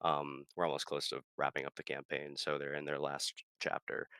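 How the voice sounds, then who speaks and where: A very low-pitched man, chatting casually as a streamer and game master. His tone is bright and forceful, and the recording is close and dry, with quick, animated talk full of fillers and curses. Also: smooth, dry recording. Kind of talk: casual chat.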